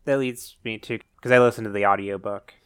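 A man co-hosting a podcast, easygoing and prone to restarting his sentences. His low voice is smooth and resonant. The recording is close and dry. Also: steady tone, brisk, fairly bright tone, dry recording. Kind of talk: casual chat.

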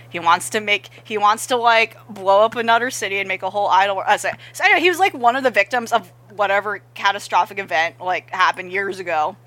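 A woman's voice: mid-range voice, a bit bright. A woman co-hosting a podcast, recapping a show in casual, rambling chat with many restarts. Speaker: podcast co-host. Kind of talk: casual chat about anime.

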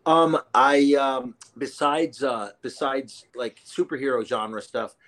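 A man's voice: medium pitch, fairly even intonation, slow, a bit bright. A man chatting casually as a guest, rambling with many fillers. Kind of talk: casual chat.

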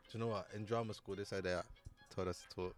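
A young man with a British accent chatting casually. His delivery is relaxed and slangy, and he leans toward jokes and playful asides. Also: lowish voice, fast, faint music behind. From United Kingdom. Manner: laid-back, slangy, jokey. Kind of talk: casual chat.

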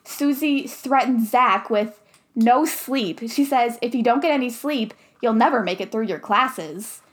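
A woman's voice: on the high side, measured pace. A young woman co-hosting a podcast, casually recapping a movie with frequent laughs and fillers. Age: young adult. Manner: giggly, talks with many likes. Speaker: podcast co-host.

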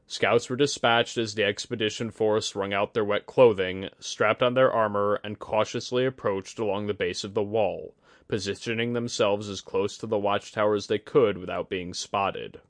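A man narrating a fantasy audiobook in a steady, even reading voice. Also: fairly low pitch, moderate pace, no room sound.

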